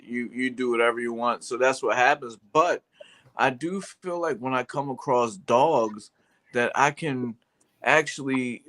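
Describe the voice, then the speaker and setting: A man with a middle-pitched voice co-hosts a relaxed chat. He talks loose and easy, with street slang and casual swearing. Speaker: co-host.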